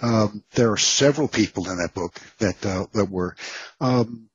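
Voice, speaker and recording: A man's voice: fairly low pitch, moderate pace, breathy edge, dry recording, lo-fi sound. A man with a Texan accent, an author being interviewed, telling wry stories with many filler words. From Texas. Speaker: author guest. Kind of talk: casual interview storytelling.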